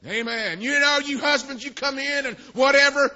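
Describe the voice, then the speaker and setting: High, bright-voiced preacher saying amen. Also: male voice, normal speed, lo-fi sound. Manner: punctuates phrases with "amen", swings to shouting. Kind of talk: sermon.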